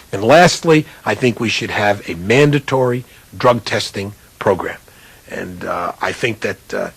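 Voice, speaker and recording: Gravelly man telling a lively anecdote. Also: dry recording, poor audio. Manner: animated anecdote-telling, rising high in quoted punchlines. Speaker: basketball coach turned TV analyst. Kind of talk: storytelling talk.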